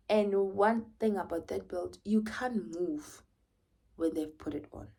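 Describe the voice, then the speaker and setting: A young South African woman with a medium-pitched voice vlogs a personal story animatedly, frequently dropping to a whisper.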